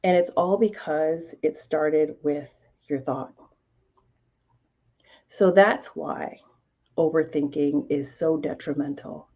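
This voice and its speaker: Slow, deep-voiced woman coaching listeners. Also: warm tone, lo-fi sound. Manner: deliberate, emphatic, repeats key phrases. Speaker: podcast host and life coach for moms. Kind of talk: motivational self-help talk.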